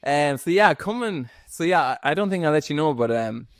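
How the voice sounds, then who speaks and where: A man's voice: a little high, animated, fairly quick, no echo. A man with an Irish accent hosting a casual podcast interview, chatty and slangy, with plenty of fillers. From Ireland. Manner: laid-back, slangy, chatty with lots of fillers. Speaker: podcast host.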